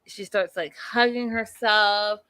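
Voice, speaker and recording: A woman's voice: medium pitch, steady tone, slow, pushed and bright, smooth, dry recording. A woman hosting a live TV recap, chatting casually and animatedly, full of asides and filler words. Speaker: host of a live TV recap show. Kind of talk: casual chat, reacting to live chat.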